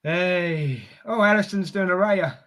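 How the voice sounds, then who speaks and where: Co-host, male, London accent, high-ish voice, casual live match banter and reading the chat. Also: normal speed, a bit bright. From Scotland. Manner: chatty, reads out viewer messages. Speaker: co-host of a football watchalong. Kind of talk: live football watchalong chat.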